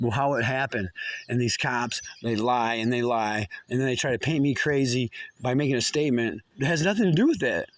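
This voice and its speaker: A man's voice: mid-range voice, fairly bright tone. A man ranting in a casual monologue, rambling and agitated, with plenty of swearing.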